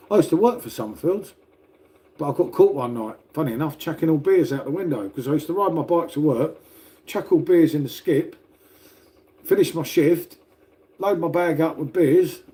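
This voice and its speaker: An older English man rambles to his livestream viewers in a mellow, dark-toned voice. He swears freely and tags "mate" onto nearly every remark. The talk stays loose and conversational. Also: a little high. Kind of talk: casual livestream chat with viewers. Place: at home, making coffee.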